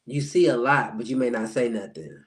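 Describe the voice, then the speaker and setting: Man, spiritual life coach, casual live-stream talk, chatty, middle pitch, quotes reactions. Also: brisk. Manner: chatty, answers viewers by name, acts out quoted reactions.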